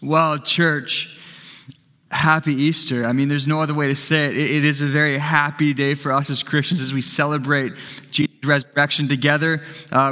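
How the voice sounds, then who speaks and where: A lead pastor preaches and prays in a bright, somewhat high voice, earnest and conversational. His pitch stays fairly level, and his words ring out with a long hall reverb. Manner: earnest, conversational, frequent restarts. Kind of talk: sermon and prayer on a live stream.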